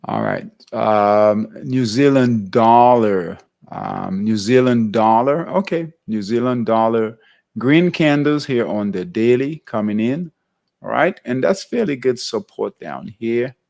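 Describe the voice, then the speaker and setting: A man's voice: mid-range voice, expressive, takes it slowly, vocal fry, darkish tone. A man hosting a live trading workshop, thinking aloud over charts and checking in with "all right?" between phrases. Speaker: trading show host.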